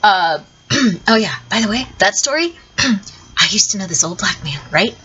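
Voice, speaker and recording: A woman's voice: mid-range voice, expressive, moderate pace, pushed and bright, husky, rough recording. A woman from the southern United States, ranting her opinions in a vlog, blunt and profane, laughing often between points. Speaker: vlogger. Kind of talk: opinion rant to camera.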